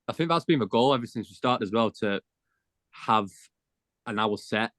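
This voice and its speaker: A teenage band member chats and tells stories in slangy, casual speech. His voice is mid-pitched and comes across close and dry, with no room echo. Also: expressive, normal speed, fairly bright tone. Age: teens. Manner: chatty storyteller, slangy. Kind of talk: casual interview chat.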